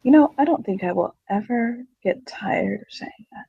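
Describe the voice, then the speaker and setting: A playful, flirtatious male lover, put on by a man in a role-play speaks low and teasing in a gravelly, husky voice. The dry recording sounds dull and lo-fi. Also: animated, normal speed, dry recording, full character voice. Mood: affectionate.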